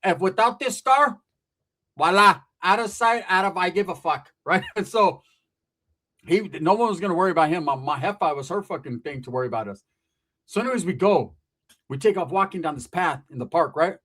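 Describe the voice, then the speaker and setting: Comic storyteller, man in his forties from California, rapid and raunchy, acts out every character. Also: high-pitched. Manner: profane, animated, acts out voices. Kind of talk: comedic storytelling.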